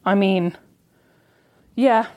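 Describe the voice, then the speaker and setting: Woman, mid-pitched, gossipy and animated, casual podcast co-host. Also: very slow. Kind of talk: casual chat.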